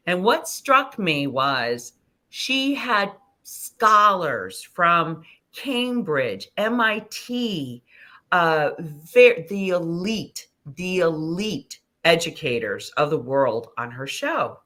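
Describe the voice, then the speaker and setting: A middle-aged woman, a guest on an interview show, telling personal stories in an animated way, swearing freely and acting out conversations. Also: on the low side, very slow. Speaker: guest, ascension teacher and hypnosis practitioner. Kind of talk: casual storytelling interview.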